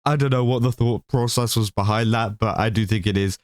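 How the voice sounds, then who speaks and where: Male commentary host, chatty and rambling, smooth lower voice, dry booth-like sound. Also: steady tone, a little fast, dry recording. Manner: rambling, many fillers, laughs between points. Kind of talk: casual commentary.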